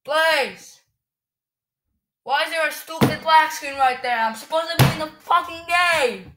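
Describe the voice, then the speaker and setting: A woman gamer giving angry, cursing commentary while she plays, ranting and shouting at other players. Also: high-pitched, unhurried, heavy background noise.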